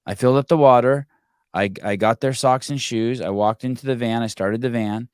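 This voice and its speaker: A man's voice: medium pitch, steady tone, a little fast, clean tone, no room sound, clean studio sound. A man in his forties hosting a call-in podcast, telling blunt, profane stories in casual chat. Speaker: podcast host.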